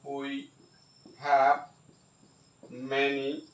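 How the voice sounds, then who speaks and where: Slow, halting man teaching grammar. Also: medium pitch, completely flat delivery, dull audio. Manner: slow, halting, many fillers and repeated phrases. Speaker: English teacher. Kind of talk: grammar lesson. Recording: echoey room, mic at a distance.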